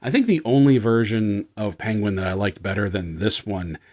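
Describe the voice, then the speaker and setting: A man's voice: fairly low pitch, expressive, moderate pace, darkish tone. A man hosting a casual toy review vlog, chatty and easygoing, talking straight to his viewers.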